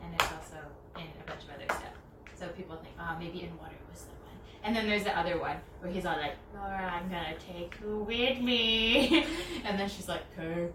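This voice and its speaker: A young woman chatting casually while crafting, giggling and rambling through a long story with quick put-on voices. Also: lowish voice, fairly bright tone. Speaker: DIY crafter. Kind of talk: casual chat. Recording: echoey, distant, noisy room mic.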